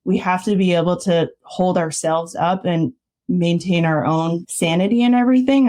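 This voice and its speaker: Woman, therapist guest, casual chat, animated, laughs often, fairly low voice. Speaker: art therapy counselor, guest.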